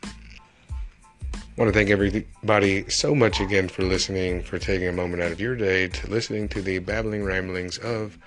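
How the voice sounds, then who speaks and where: A man's voice: low-pitched, fairly quick, soft background music. A young man, rambling and joking through a casual solo podcast. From Texas. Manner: rambling, joking, animated asides. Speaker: podcast host.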